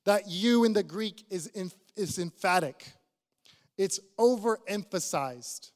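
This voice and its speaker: A man's voice: high-pitched, animated, slow pace, long reverb tail. A male pastor preaching a sermon in a church, earnest and probing, putting direct questions to his listeners.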